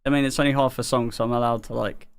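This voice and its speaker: A man's voice: mid-range voice, flat delivery, racing, clear, resonant tone. An English man hosting a live music stream, chatting casually, rambling with fillers and laughing often. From England.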